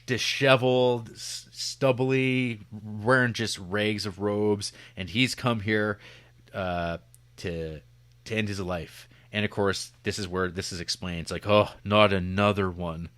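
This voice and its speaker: A man's voice: fairly low pitch, fairly bright tone, no echo. A man co-hosting a podcast, reviewing a film in a rambling, jokey, casual way into a podcast mic. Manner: rambling, jokey, lots of fillers and restarts. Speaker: podcast co-host.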